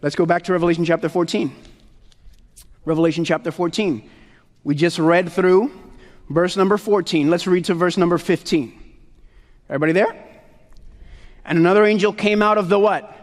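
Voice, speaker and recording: A Puerto Rican man preaching a sermon loudly and emphatically, calling to the congregation for answers. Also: sits high, steady tone, moderate pace, long pauses. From Puerto Rico. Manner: loud, emphatic call-and-response preaching. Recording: long hall reverb.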